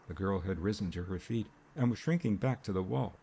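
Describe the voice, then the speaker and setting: Brief: man narrating an audiobook, measured delivery, low and husky. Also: expressive, mellow. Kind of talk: scripted narration.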